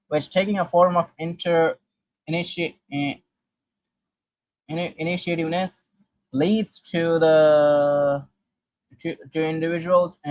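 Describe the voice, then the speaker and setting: A man with a somewhat raised voice reads historical quotations aloud, tripping over words and restarting them as he comments between passages. The sound is dry and close, with no room echo around him. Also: on the high side. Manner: halting, with frequent restarts and fillers while reading. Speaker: commentator presenting sources.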